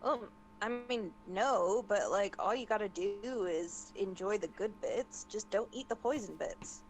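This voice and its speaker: A woman's voice: medium pitch, a little slow, soft background music, rough recording. A woman playing a tabletop role-playing game, chatting casually and teasing the other players. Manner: playful, teasing, breaks into song.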